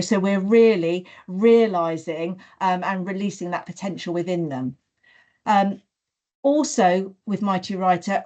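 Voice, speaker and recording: A woman giving a teaching webinar, talking earnestly with many "you know" fillers and acting out classroom sentences. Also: mid-range voice. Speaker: teacher trainer hosting a webinar.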